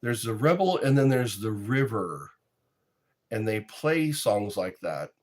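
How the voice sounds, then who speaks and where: A man's voice: fairly low pitch, sing-song, slow. A middle-aged man, chatting casually and rambling between topics. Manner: rambling, sings snippets and quotes in goofy voices. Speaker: streamer chatting with viewers. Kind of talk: casual chat.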